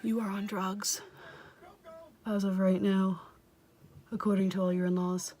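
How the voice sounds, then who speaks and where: A woman's voice: mid-range voice, little pitch movement, normal speed. A woman doing a casual, comedic makeup tutorial, swearing freely, mocking herself and often dropping into a whisper. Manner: profane, self-mocking. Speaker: makeup vlogger.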